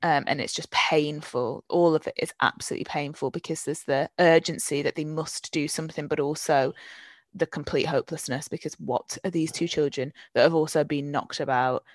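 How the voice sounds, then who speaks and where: A woman's voice: sits low, fairly even intonation, fairly quick, no room sound. A woman co-hosting a casual book podcast, searching for words with restarts and swearing freely. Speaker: podcast co-host.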